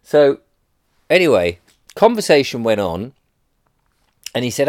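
A man's voice: mid-range voice, sing-song, unhurried. A man, rambling and sarcastic in a casual rant to camera.

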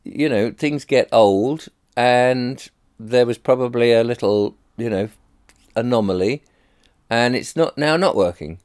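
A man's voice: medium pitch, unhurried, a little mellow, clean tone, no echo, studio quality, natural voice. Guy doing a pushy call-centre man, brushing everything off, keeps repeating himself. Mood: dismissive. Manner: dismissive, insistent. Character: stubborn male call-centre agent repeating policy.

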